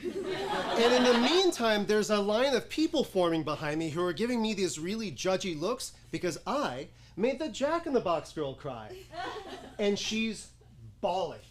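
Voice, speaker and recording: A man's voice: sits high, very animated, a little slow, a crowd in the background, background noise. An actor performing a stage comedy monologue as a weary, sardonic man telling about his day in a dry way. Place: acting studio stage before an audience.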